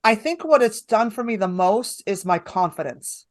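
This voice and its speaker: A woman's voice: mid-range voice, expressive, moderate pace. A woman comedian with a New York accent telling a story in a casual interview, blunt and profane, voicing her own lines with energy. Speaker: stand-up comedian guest.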